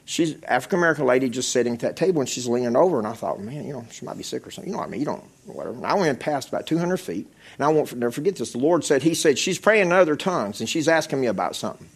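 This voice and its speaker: A man's voice: mid-range voice, expressive, racing, creaky, slightly rough. A middle-aged man preaching a testimony sermon, telling stories in a conversational way and repeating phrases.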